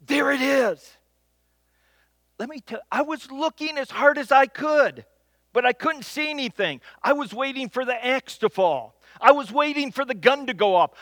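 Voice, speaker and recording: A man from Michigan telling a humorous personal story, with dramatic pauses, repeated phrases and building suspense. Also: very high-pitched, bright, forceful tone, no echo.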